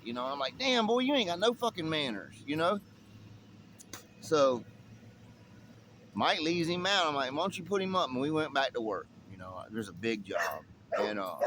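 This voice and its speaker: A man with a Southern US accent telling a story in a casual, profane and animated way, acting out the quotes. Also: on the high side.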